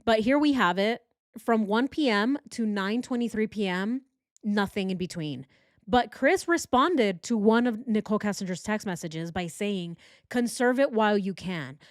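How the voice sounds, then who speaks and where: A woman's voice: mid-range voice, animated, normal speed, no room sound, studio quality. Sarcastic woman hosting true crime commentary. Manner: sarcastic and exasperated. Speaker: true crime channel host.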